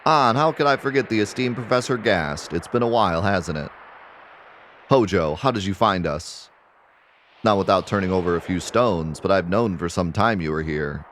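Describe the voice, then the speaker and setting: A man's voice: low-pitched, moderate pace, a bit bright, slight background noise. A man voicing a sly, scheming male scientist villain who gloats and laughs mockingly while reading game dialogue aloud. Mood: gloating.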